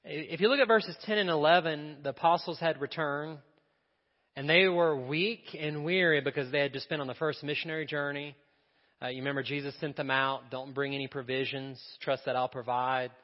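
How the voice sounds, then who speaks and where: A man's voice: a little high, steady tone, normal speed. A man preaching a sermon as a pastor, telling a story and asking the congregation questions in a conversational way. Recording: dull sound with long hall reverb.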